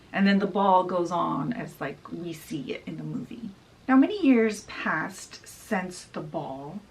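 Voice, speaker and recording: Recorded on a distant mic with rough quality, a woman with a medium pitch and vocal fry casually retells a story for her book vlog. It's a chatty, storytelling summary full of fillers like "she's like."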